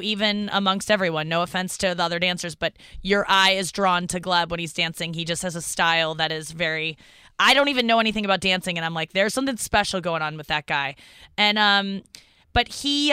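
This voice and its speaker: A woman's voice: medium pitch, sharp tone, clean tone, no echo. A woman hosting a comedy podcast, chatting casually in a rambling, self-deprecating way with many restarts. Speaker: podcast host.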